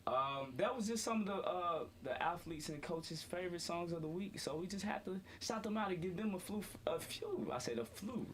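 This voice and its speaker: A man's voice: high-pitched, lively intonation, normal speed, few pauses, noisy background. A young man hosting a student sports talk show, playful and self-correcting, often calling out to the audience. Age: young adult. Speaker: host. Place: student media studio.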